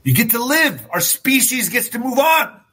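A man hosting his own talk show, ranting loosely in a loud, swearing style with sudden shouts. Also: extremely high pitch, sing-song, normal speed, breathy edge, low-quality recording. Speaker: host. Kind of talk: opinionated talk show monologue.

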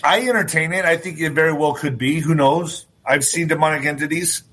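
A man hosting his own talk show, ranting loosely in a loud, swearing style with sudden shouts. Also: a little high, steady tone, brisk, a little hiss or hum, low-quality recording. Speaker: host. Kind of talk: opinionated talk show monologue.

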